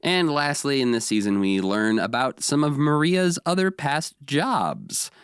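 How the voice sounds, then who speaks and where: A man's voice: mid-range voice, big pitch swings, unhurried, fairly bright tone, clear, resonant tone, dry recording, clean studio sound. A man co-hosting a casual podcast, recapping episodes with energy and briefly slipping into voices for the characters. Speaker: podcast co-host.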